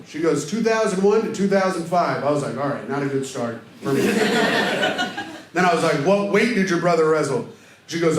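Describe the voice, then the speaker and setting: An Indiana comedian in his thirties hosts a show from a comedy club stage, telling self-deprecating stories and leaping into loud character voices. His voice is a little high, and the live recording is very noisy and echoey, with crowd laughter throughout.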